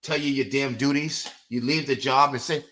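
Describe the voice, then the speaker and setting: A middle-aged man hosting a live boxing podcast, ranting with fiery, profane outbursts that drop into low mutters. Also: fairly even intonation, moderate pace, a bit bright. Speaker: podcast host. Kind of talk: live-stream boxing rant.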